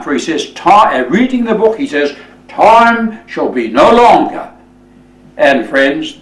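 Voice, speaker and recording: A male pastor preaching a sermon, slow and emphatic, often addressing listeners as friends. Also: fairly high pitch, reverberant, recorded from a distance, rough recording.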